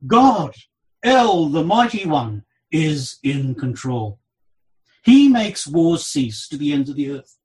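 A man preaching an expository sermon, reading scripture aloud with a dramatic delivery that swings between loud and soft. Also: sing-song, low-quality recording. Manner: dramatic, slow delivery with wide swings in pitch and loudness.

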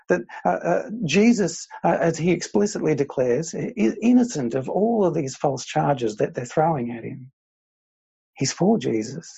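Earnest male preacher, slightly high, husky delivery, dull recording. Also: dark tone. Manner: earnest preaching with frequent fillers and repeated phrases. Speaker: pastor. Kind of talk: sermon.

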